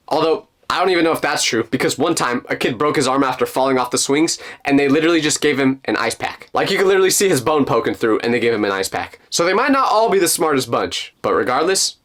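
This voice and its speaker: A man's voice: fairly high pitch, expressive, fast talker, hardly any pauses, fairly bright tone. A young man narrating a personal story, building suspense and dropping joking asides.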